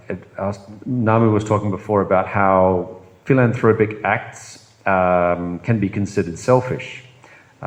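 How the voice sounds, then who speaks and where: A man talking in a reflective group discussion circle, halting and full of restarts, breaking into laughter at himself. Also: lowish voice.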